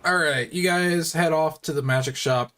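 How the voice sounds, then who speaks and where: A man running a tabletop game as game master, narrating in a relaxed way and laughing easily. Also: on the high side, moderate pace, a little hiss or hum.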